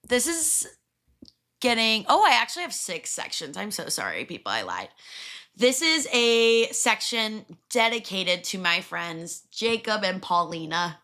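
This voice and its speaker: A young woman chatting on her own podcast, with a bright, forward tone and a voice that swings widely up and down. She talks casually and crudely, tossing in quick asides and laughing often. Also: medium pitch. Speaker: podcast host. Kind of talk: casual solo podcast chat.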